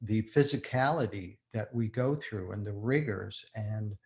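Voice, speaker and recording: An older man, a guest in a casual interview, telling stories in an animated way with frequent laughter. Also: fairly low pitch, a little slow, vocal fry. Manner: animated storyteller, laughs often. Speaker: guest, shoemaker and former performer.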